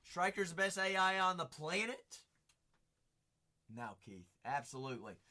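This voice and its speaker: Bright, lively man hyping a card break. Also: a little high, measured pace. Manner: hype-driven, bursts into shouts; chatty, teasing viewers by name. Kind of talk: live-stream auction patter.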